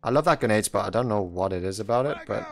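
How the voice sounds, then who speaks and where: A man's voice: lowish voice, animated, fast talker, creaky. Chatty young man commenting on gameplay. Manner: chatty, jokey, laughs often at teammates and enemies. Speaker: mobile gaming YouTuber. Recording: music playing faintly behind.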